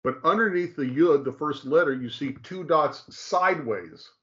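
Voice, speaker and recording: A man's voice: a little high, expressive, moderate pace, a bit bright. Emphatic man explaining, lo-fi sound. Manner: emphatic, repetitive, checks in with "okay?". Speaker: teacher explaining Hebrew. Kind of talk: conversational teaching.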